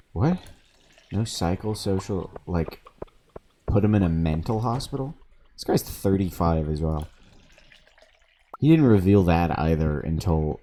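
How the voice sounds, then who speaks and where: A man's voice: sits low, warm tone, a little hiss or hum. A man streaming a video game on a desk microphone, casually telling stories between moves, swearing freely and laughing along the way. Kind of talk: casual storytelling while gaming.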